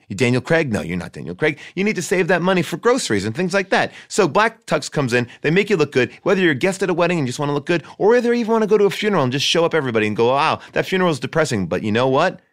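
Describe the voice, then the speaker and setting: Guy rattling off a joking ad read, quick, a bit high. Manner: fast, joking, hard-sell. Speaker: podcast host reading an ad. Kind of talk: ad read with comic asides.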